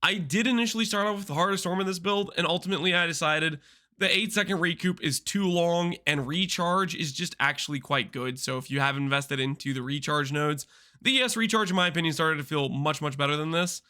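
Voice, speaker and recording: A man's voice: on the high side, fairly quick, sharp tone. A man casually talking through a game build guide while playing, chatty and explanatory, with loose restarts. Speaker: gaming content creator.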